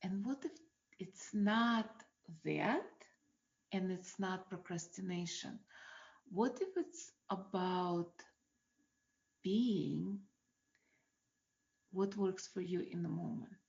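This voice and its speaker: A woman hosting a self-help show, talking reflectively and asking many gentle rhetorical questions. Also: on the low side, slow, gravelly, long pauses, highs cut off.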